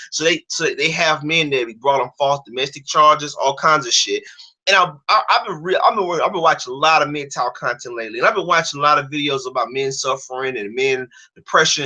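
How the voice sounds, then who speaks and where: A young American man ranting on a stream, his voice pitched high and pushed hard, with a tense, sharp edge. He is heated and profane, and stumbles back over his own words as he keeps going. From United States. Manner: heated, profane, repeats and restarts phrases. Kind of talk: angry ranting monologue.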